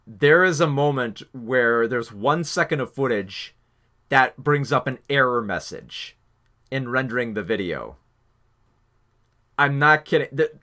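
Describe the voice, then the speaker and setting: A man reviewing a film in a casual spoken style, exasperated and halting with many restarts. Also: medium pitch, sharp tone.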